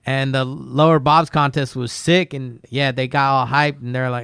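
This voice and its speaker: A man's voice: mid-range voice, fairly even intonation, normal speed, gravelly, few pauses, fairly bright tone, smooth, no room sound, studio quality. A man talking casually on a podcast, laid-back and rambling, swearing a lot as he tells skate stories. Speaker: guest skateboarder.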